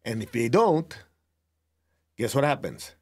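A middle-aged man giving a spiritual lesson as a meditation teacher, talking deliberately and telling students to write points down. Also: medium pitch, very animated, darkish tone, husky. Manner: slow, deliberate, tells students to write things down; laughs at himself, acts out remembered exchanges.

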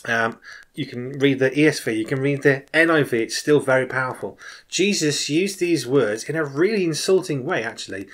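At a moderate pace and in a medium-pitched voice, a man in his forties who works as a children's minister gives his personal testimony as a sermon. The delivery is informal and lively, with emphatic rises and drops in volume.

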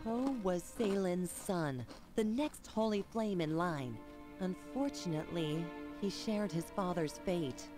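A woman's voice: on the low side, lively intonation, takes it slowly. An actress voicing a determined young woman investigator, speaking earnest scripted game lines. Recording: voice under clear background music.

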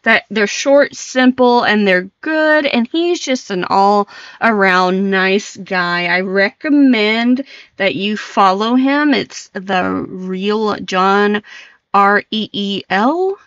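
A woman's voice: medium pitch, slow, fairly bright tone, dry recording, dull audio. A woman streamer chatting casually on a live stream, giggly and flustered, laughing often as she reacts.

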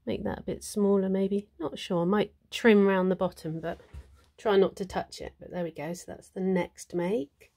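A woman's voice: mid-range voice, steady tone, normal speed, mellow. A woman, casually chatting in a studio vlog about her needle-felted animals, thinking aloud with frequent ums. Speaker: needle felting vlogger.

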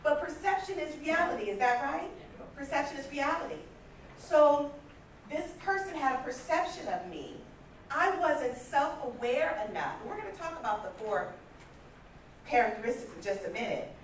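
A woman in her fifties giving a motivational talk at a conference, telling stories in a lively way and acting out the voices she quotes. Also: sits high, moderate pace, a little hiss or hum. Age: 50s. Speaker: conference speaker. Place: large conference hall. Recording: echoey hall from far off.

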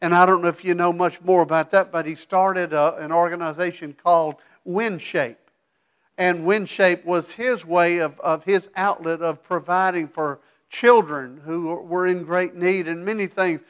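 A pastor with a high voice preaches from a church sanctuary in an animated style, building to emphatic peaks before dropping to a hush for asides. His pace is measured, and his tone is clear and resonant.

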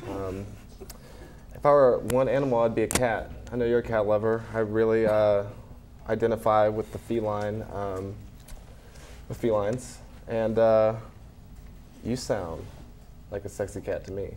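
A man voicing a sleazy, crude bachelor who talks in slow, low, leering come-ons. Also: steady tone, darkish tone, slight background noise, natural voice. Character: sleazy deep-voiced bachelor, a crude flirt.

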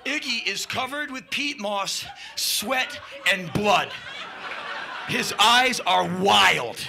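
A man telling a wild anecdote in an excitable, profane way, shouting and mimicking sound effects as he goes. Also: high voice, takes it slowly, gravelly, background noise. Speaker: spoken-word storyteller.

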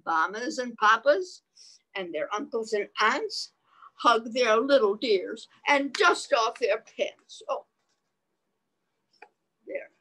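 A woman reads a storybook aloud to small children at an unhurried pace, lingering on every line. Her voice sits a little high, and she slips in gentle questions to her young listeners between the pages. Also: very animated, poor audio. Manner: slow sing-song reading, stops to ask the listening children questions. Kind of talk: reading a picture book aloud to young children.

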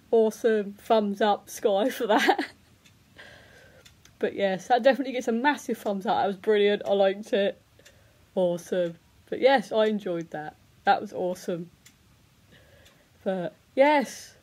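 A woman's voice: medium pitch, a little mellow. A woman vlogger chatting casually as she reacts to an advert, giggling often and laughing at herself for getting emotional. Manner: chatty and self-mocking, quick to get emotional.

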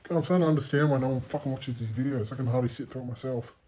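A young man calls his racing game as he plays it, cursing freely and poking fun at himself. His voice sits in an ordinary middle register. It jumps suddenly into loud shouts whenever the race turns. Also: medium pitch, rapid-fire, slightly rough. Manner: profane, self-mocking, bursts into loud exclamations. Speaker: gaming channel host.

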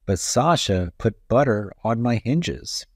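A man's voice: mid-range voice, lively intonation, takes it slowly, husky, no room sound, studio quality. A man voicing a talking garden gate in a storybook, plain and reproachful. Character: old creaky garden gate.

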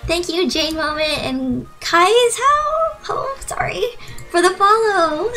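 Very high-pitched bubbly woman streamer. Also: animated, slow pace, sharp tone, faint music behind, rough recording. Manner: bubbly, gushing, giggly, thanks viewers. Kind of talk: live gaming stream commentary.

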